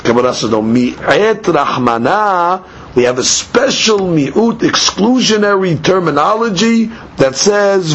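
A man's voice: fairly high pitch, breathy edge, dull audio. A man giving a daily Talmud lecture, explaining each step by asking and answering his own questions. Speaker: Talmud teacher.

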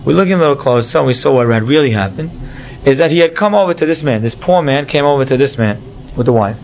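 A man's voice: medium pitch, fast talker. A man teaching a Torah class, telling stories and acting out the voices of the people in them. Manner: animated storyteller, acts out voices in stories.

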